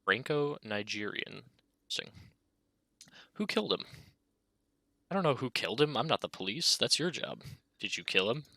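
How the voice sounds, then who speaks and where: A man reading the text of a detective video game aloud in a casual, halting way, with occasional hesitations. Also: mid-range voice, big pitch swings, vocal fry, bright, forceful tone, husky, dry recording. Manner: casual, halting, reads with asides. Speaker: gaming video creator.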